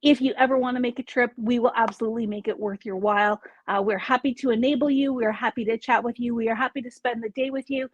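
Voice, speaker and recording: A woman's voice: a little high, steady tone, quick pace, few pauses, no echo, muffled recording. A woman hosting a casual live product showcase from a craft store, chatty and upbeat, with small asides as she lists items.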